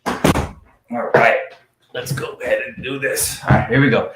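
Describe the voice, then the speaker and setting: A man coaching cold calling live from his office, talking with high energy. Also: steady tone, unhurried, echoey room, very noisy. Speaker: sales coach.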